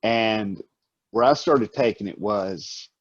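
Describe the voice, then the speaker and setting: A man's voice: fairly low pitch, takes it slowly, lo-fi sound. A man who is a guest on a podcast, chatting casually in a musing way with grand, wordy phrasing. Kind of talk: casual chat.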